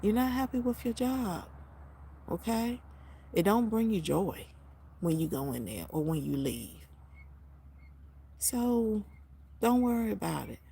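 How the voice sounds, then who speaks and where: Gravelly-voiced woman in her fifties, rambling. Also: medium pitch, sing-song, a little slow, pauses often, warm tone. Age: 50s. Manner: rambling, emotional, heartfelt. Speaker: vlogger. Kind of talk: unscripted casual vlog.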